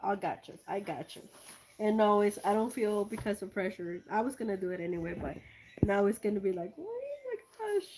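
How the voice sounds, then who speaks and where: A woman chatting casually as she unboxes gifts for her video, gushing and excitable, swinging between loud squeals and soft, hushed thanks. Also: mid-range voice, fairly quick, a little hiss or hum. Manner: gushing and excitable, many exclamations. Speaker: art vlogger.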